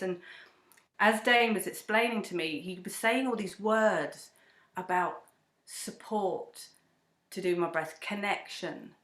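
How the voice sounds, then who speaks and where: A woman's voice: medium pitch, unhurried. Woman telling stories in an echoey room. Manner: animated storytelling, acts out quoted voices. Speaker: breathwork teacher and singer-songwriter guest. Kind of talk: conversational interview.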